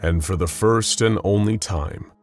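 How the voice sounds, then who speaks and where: A man's voice: lowish voice, measured pace. A man narrating a scripted story with dramatic storyteller pacing. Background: faint music.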